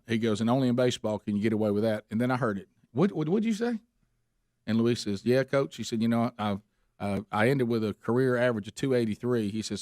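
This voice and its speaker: A man's voice: medium pitch, no echo, studio quality. Man telling stories on radio. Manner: animated anecdote-telling, acting out quotes with laughter. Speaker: radio show host. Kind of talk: casual morning-show storytelling.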